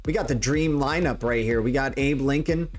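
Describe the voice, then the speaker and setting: Man host, casual joking livestream banter, mid pitch, faint music behind. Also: moderate pace. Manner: joking, rambling, many restarts. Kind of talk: casual crypto livestream chat.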